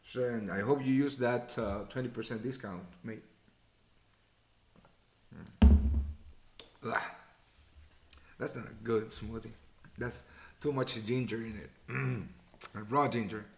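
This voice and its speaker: Slow, musing man hosting a live trading show. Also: mid-range voice, steady tone, creaky, slight background noise. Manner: thinks aloud, mutters numbers, swears casually. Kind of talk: casual live trading chat. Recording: echoey room.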